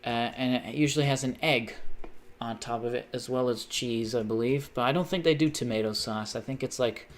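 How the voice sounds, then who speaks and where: A man's voice: mid-range voice, a little fast. A man livestreaming a game, chatting casually in a rambling, profane way and jumping between tangents. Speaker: gaming livestreamer. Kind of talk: casual chat while gaming.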